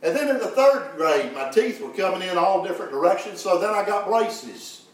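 A man preaching a sermon, folksy and lively, swinging from hushed to loud. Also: sits high, moderate pace. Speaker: pastor. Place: church sanctuary. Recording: very echoey, from far off.

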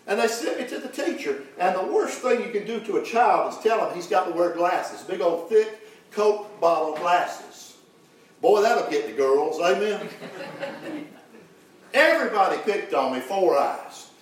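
A man preaching a sermon, folksy and lively, swinging from hushed to loud. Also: sits high, unhurried. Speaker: pastor. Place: church sanctuary. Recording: very echoey, from far off.

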